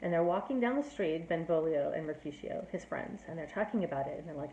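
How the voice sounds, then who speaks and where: A woman's voice: deep voice, animated, fast, few pauses, warm tone, a little hiss or hum. A woman giving a casual, chatty plot summary as a teacher, filling her talk with "like" and "you know". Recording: roomy echo.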